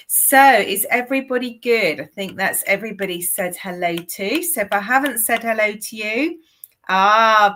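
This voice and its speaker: A woman's voice: a little high, a bit bright. A woman with a broad Southwest English accent speaks to viewers in a live-stream mediumship session. She is chatty and familiar, and calls her viewers darling and sweetheart. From Southwest England.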